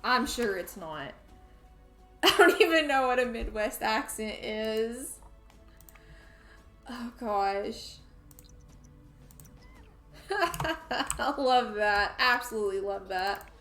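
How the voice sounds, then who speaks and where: Streaming a game, this young woman from Tennessee chats away in a Southern accent, addressing her chat and the characters on screen alike. She speaks fairly high with lively intonation, taking her time with long pauses, and her tone is a bit bright against a roomy echo and faint music.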